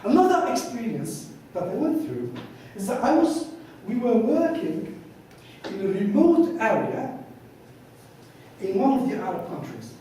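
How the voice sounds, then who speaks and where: Male lecturer with a high, mellow voice who tells stories and plays out the dialogue, heard from a distance in a very reverberant hall with faint background hiss. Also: sing-song, unhurried. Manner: storytelling, acts out both sides of dialogues. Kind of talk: conference lecture with anecdotes. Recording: echoey hall, voice from far off.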